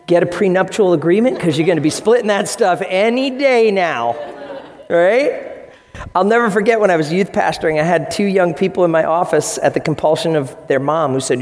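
A man preaching a sermon as pastor, telling stories with lively acted-out quotes. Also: high voice, brisk, big-room sound. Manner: animated storytelling with acted-out quotes.

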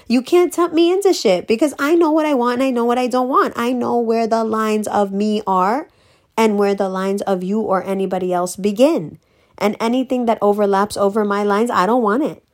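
A woman ranting bluntly in a casual monologue, profane and emphatic, swinging between slow stressed words and fast bursts. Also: fairly high pitch. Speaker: vlogger.

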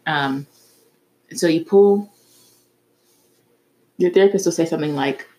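Low-voiced frank woman podcast host. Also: measured pace, dark tone. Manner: candid, frank, swears casually. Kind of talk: casual solo podcast talk.

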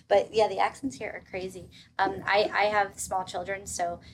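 A woman's voice: medium pitch, flat delivery, moderate pace, slight background noise, rough recording. A woman in her thirties chatting casually as a podcast guest, with a loose, filler-heavy way of talking.

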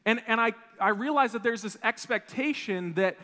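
A man in his thirties from Wisconsin, preaching a sermon as a pastor, telling a personal story in an animated, self-deprecating way with frequent restarts. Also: very high voice, normal speed. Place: church sanctuary. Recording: long reverb of a church hall.

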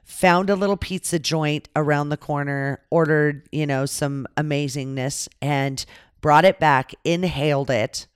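A woman guest casually telling a travel story in a dramatic, animated way, swearing freely. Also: sits low, a little slow, clean tone, no echo, clean studio sound. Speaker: podcast guest.

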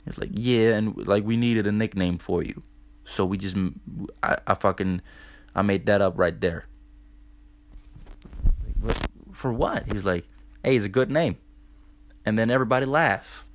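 A man's voice: fairly low pitch, moderate pace, long pauses. A young man hosting a podcast, telling a loose, profane story in casual talk, full of "dude" and "like". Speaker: podcast host.

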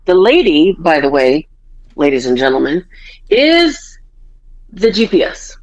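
A woman's voice: deep voice, sing-song, unhurried, dull audio. A woman podcast host telling family stories in casual chat, swearing freely and acting out her parents' quarrels.

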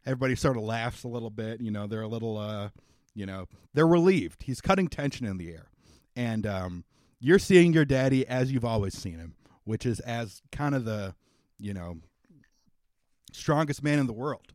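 A man's voice: medium pitch, lively intonation, normal speed, darkish tone, dry recording, studio quality. A young man narrating a tabletop role-playing game as game master, in a loose, rambling way full of fillers.

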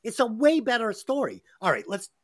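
A woman hosts a loose movie review podcast. Her pitch swings widely as she talks, and she swears freely and hammers her points home with emphasis. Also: a little fast. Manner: animated, profane, emphatic. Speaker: podcast host. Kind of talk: casual movie review chat.

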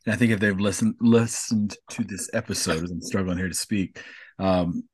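A man's voice: low-pitched, fairly even intonation, normal speed, husky, dry recording. A man hosting a podcast interview, enthusiastic and encouraging as he wraps up with his guest. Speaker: podcast host.

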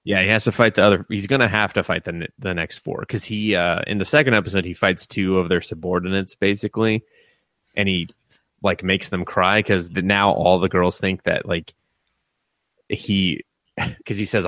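Deep-voiced man, laughing anime podcast chat. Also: steady tone, normal speed, fairly bright tone, no echo. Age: adult with a young son. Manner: profane, laughing, acts out scenes in quoted voices. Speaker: podcast co-host. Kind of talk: casual anime review chat.

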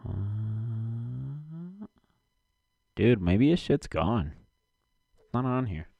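A man's voice: mid-range voice, big pitch swings, extremely slow, gravelly, warm tone, husky, no echo, muffled recording. A man rambling casually to himself and his audience from his basement, cursing often and muttering while he searches for something.

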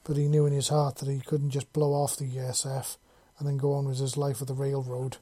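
An audiobook narrator reading a story aloud in a steady, even storytelling manner. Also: mid-range voice, fairly quick, breathy edge, dry recording. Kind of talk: reading fan fiction aloud.

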